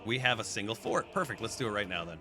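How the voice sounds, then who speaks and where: Low-voiced man streaming a game. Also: animated, fast talker. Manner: chatty, talks to his chat while playing. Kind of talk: live gameplay commentary. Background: background music.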